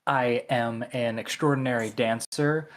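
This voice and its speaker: A man voicing a deadpan male monk turned mercenary who boasts and hesitates. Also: mid-range voice, measured pace, a little hiss or hum, lightly acted.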